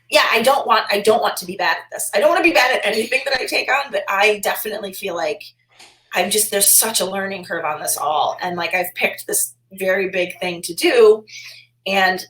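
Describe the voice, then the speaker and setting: A woman chatting as a podcast guest, rambling with lots of "like" fillers and animated quoting. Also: mid-range voice. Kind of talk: casual interview chat. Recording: roomy echo.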